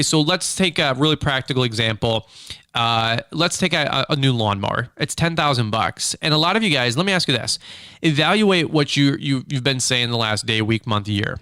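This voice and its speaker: A man hosting a casual business podcast from a small makeshift studio, talking in an animated, rambling way with many fillers and restarts. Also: mid-range voice, clean tone, no echo. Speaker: podcast host, lawn care business owner. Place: small makeshift home studio with a hard wood table.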